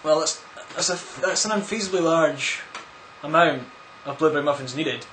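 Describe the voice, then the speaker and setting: A man rambles through viewer questions in a casual vlog, tossing out crude, absurd jokes. His voice sits a little high for a man. The room gives it a noticeable echo, with a faint hiss underneath. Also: moderate pace, fairly bright tone. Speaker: vlogger answering viewer questions. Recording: echoey room.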